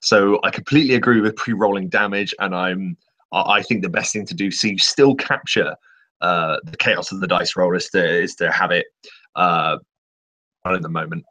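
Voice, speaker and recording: A man co-hosting a casual live-stream chat, talking in a rambling, halting way with many restarts. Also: deep voice, pushed and bright. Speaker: co-host. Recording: voice cutting out over an online call.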